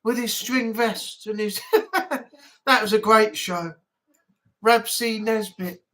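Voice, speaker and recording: A woman hosts a relaxed live chat stream, rambling loosely with lots of fillers and asides in a casual, conversational way. She sounds at ease, with a medium-pitched voice and a slow pace, though the recording is rough.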